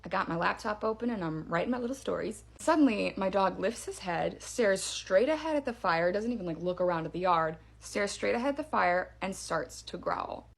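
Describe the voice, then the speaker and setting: A woman telling her own spooky story in a casual, chatty way, with fillers and hushed drops for suspense. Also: fairly low pitch, creaky, slightly rough. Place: parents' backyard by a campfire.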